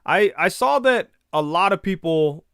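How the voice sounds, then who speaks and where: Male livestream host, fairly high, smooth and dry-sounding, loose rambling chat. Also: expressive, measured pace, fairly bright tone, no room sound. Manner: rambling storyteller, retells conversations in quoted voices. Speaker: livestream host reading viewer comments. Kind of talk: casual chat.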